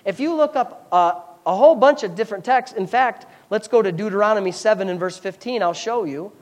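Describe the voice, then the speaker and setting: A man's voice: high-pitched, brisk. Pastor, male, fervent sermon delivery with conversational asides while teaching scripture. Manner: fervent preaching with scripture reading; explanatory, chatty asides.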